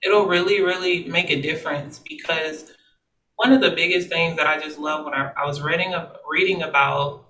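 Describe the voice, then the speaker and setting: A man's voice: a little high, fairly even intonation, normal speed, pushed and bright. A man hosting an interview, asking questions and offering earnest, encouraging praise. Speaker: podcast host. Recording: roomy echo, far from the mic.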